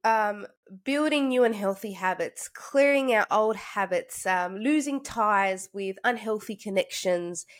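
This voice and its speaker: Congested young woman podcast host. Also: mid-range voice. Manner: chatty, many fillers. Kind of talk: casual faith podcast talk.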